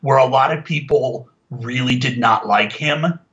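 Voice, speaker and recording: A man talks through a TV review in a loose, rambling way, piling up fillers and restarts. His voice is bright and forceful at a middling pitch, and he gets animated when he complains. The recording sounds somewhat dull and lo-fi. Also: unhurried. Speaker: podcast reviewer. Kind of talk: casual spoken review.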